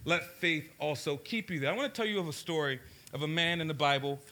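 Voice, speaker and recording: A man's voice: on the high side, lively intonation, a little fast, sharp tone. A man from Baltimore preaching a sermon to a live audience, engaging the crowd with questions and telling stories with shifting pace. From Baltimore, USA. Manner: storytelling, shifts pace for emphasis.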